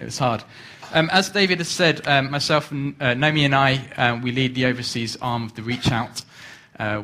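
A man giving a church talk, a lively, self-deprecating storyteller. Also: medium pitch. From East Anglia, England. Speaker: guest speaker, overseas mission leader. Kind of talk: church talk with a told joke.

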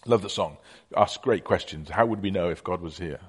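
A man's voice: deep voice, normal speed, slightly rough. A middle-aged man preaching a conversational sermon, telling stories with many fillers.

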